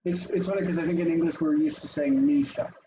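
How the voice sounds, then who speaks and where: Over a noisy background with the highs cut off, a man with a voice on the high side talks quickly. He runs an interactive online language class on a video call, animatedly asking students by name one after another and thinking aloud while explaining.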